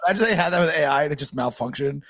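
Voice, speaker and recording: A man's voice: on the high side, very fast, a bit bright, dry recording. A man co-hosting a laid-back podcast, riffing with a laugh and a curse. His voice sits close and dry, with no room sound around it. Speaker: podcast co-host. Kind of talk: casual podcast banter.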